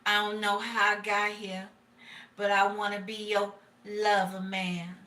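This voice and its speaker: A woman's voice: medium pitch, flat delivery, a little slow, pushed and bright, roomy sound, far from the mic. Profane, laughing woman tarot reader. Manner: profane, streetwise, joking with frequent laughs. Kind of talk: casual channeled tarot reading.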